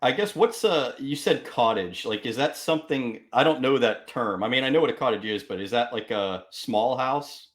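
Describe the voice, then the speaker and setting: A man's voice: mid-range voice, expressive, moderate pace, hardly any pauses. Guy hosting a chill interview, rambly, says like a lot, laughs easy. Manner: chatty, laughs often, lots of filler "like". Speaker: podcast host. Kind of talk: casual interview chat. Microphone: video call.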